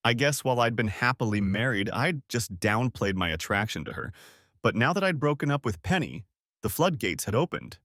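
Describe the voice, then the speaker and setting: A man's voice: mid-range voice, big pitch swings, normal speed, fairly bright tone, no echo, studio quality. A man narrating a dramatic first-person audiobook story in a scripted reading.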